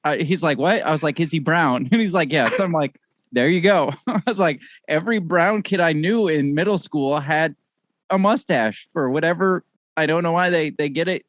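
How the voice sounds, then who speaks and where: A man's voice: a little high, normal speed, fairly bright tone, dry recording. A man guesting on a podcast, joking and laughing through profane, casual banter.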